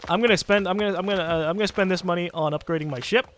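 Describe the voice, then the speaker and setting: A man with a central North American accent, giving casual let's play commentary, excitable and swearing freely. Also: sits high, racing, noisy background. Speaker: gaming commentator.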